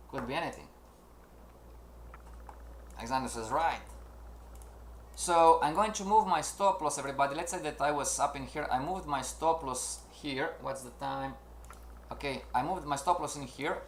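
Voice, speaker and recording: A man teaching a live online trading lesson, animated and checking in often with his class, acting out traders' worries in their own voices. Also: mid-range voice, normal speed, pauses often, a little hiss or hum. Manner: animated, repeats "make sense, everybody?", acts out traders' inner voices. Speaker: trading instructor. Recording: roomy echo.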